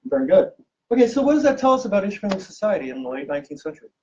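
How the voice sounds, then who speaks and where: A man giving a lively public lecture as an archivist, joking and quizzing his audience with questions. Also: high voice, rapid-fire, slight background noise. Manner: jokey, teasing, quizzes the audience. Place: event room with a live audience. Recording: distant, dull lo-fi room recording.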